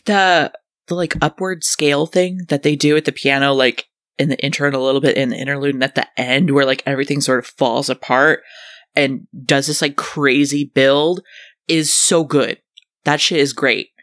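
A co-host in a casual music podcast, relaxed, reading from notes and swearing casually. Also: mid-range voice, normal speed, no echo, studio quality.

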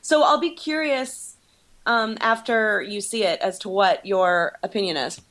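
A woman's voice: medium pitch, measured pace, a bit bright. Jokey woman podcast guest. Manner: jokey, laughing, easygoing. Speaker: podcast guest, video producer. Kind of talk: casual interview chat.

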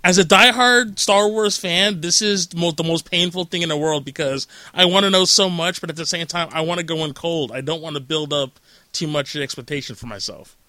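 Podcast host, male, chatty and upbeat, bright voice, dry close sound. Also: on the high side, fairly quick, dry recording. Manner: chatty, upbeat, self-mocking. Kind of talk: casual interview chat.

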